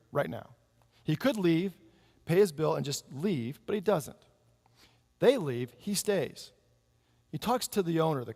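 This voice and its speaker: A man preaching a sermon, telling a story with animated delivery and acting out the people in it. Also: on the high side, creaky, slightly rough, in a large hall.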